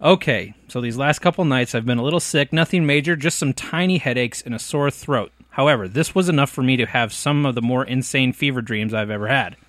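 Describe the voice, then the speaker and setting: A man's voice: mid-range voice, brisk, hardly any pauses, a bit bright, no room sound. Man hosting a joking podcast chat. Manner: joking, crude, laughs often. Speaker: podcast host.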